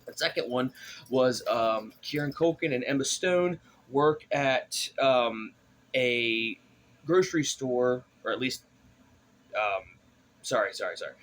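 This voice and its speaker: A man's voice: mid-range voice, slow pace, a bit bright. Rambling casual male movie reviewer. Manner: rambling, many fillers and restarts.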